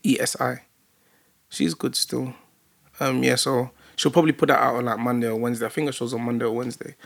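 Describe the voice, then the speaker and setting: A man's voice: medium pitch, flat delivery, quick pace, creaky, a bit bright. A young man, co-hosting a casual group-chat podcast in a laid-back, slangy way. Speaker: podcast co-host.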